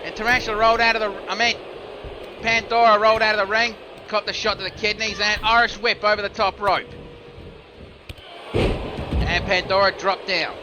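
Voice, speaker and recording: A man with a fairly high voice gives solo play-by-play of a video game wrestling match, calling each move in a steady stream. He jumps up in pitch and volume when a pin is kicked out of or a move is reversed. Clear background noise runs under his voice. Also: normal speed, pauses often. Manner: steady move-by-move calls, rising sharply on near falls and reversals. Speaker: play-by-play commentator.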